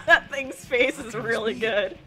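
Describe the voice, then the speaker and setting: A woman streaming a video game in casual live commentary, excitable, laughing, swearing and exclaiming at the game. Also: medium pitch. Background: loud game music.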